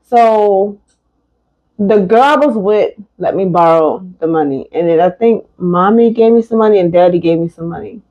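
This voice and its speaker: A woman's voice: medium pitch, moderate pace, lo-fi sound. A woman co-hosting a casual chat, telling a story and acting out every quote. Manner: animated storyteller, acts out quotes. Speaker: podcast co-host.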